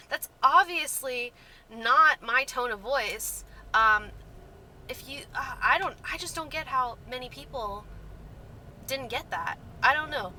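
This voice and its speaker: A woman's voice: sits high, a little slow, bright, forceful tone, a little hiss or hum, poor audio. A woman vlogging casually from a car, annoyed and exasperated, with sarcastic asides. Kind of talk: casual vlog rant.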